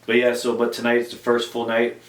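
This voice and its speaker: A woman's voice: very deep voice, monotone, brisk. A woman hosting a casual sports review show, rambling with many fillers and restarts. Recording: echoey room, mic far off.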